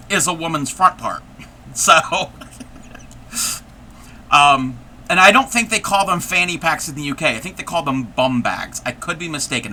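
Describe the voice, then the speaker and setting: A chatty man hosts a relaxed crafting livestream, his voice pitched a little high with a very bright, cutting edge. He rambles and circles back on his thoughts, laughing often between words. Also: a little hiss or hum. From United States. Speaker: livestream host. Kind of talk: casual livestream chat while crocheting.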